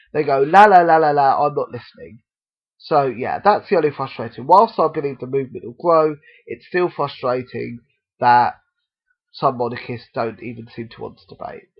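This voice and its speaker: A man's voice: mid-range voice, creaky, husky, muffled recording. A man talking straight to camera in an opinion vlog, impassioned and argumentative, repeating his points. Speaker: vlogger.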